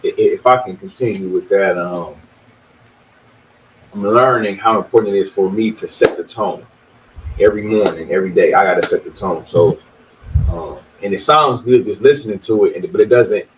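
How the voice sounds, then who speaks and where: A man's voice: deep voice, moderate pace. A man speaking as a guest, talking earnestly and making emphatic sports comparisons. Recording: distant mic with clear background noise.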